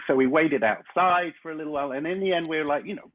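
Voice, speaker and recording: A man guest on a chat show, telling a long rambling anecdote in a casual, animated way. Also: a little high, brisk, few pauses. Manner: rambling storyteller, animated when recounting. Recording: slightly muffled lo-fi audio with faint noise.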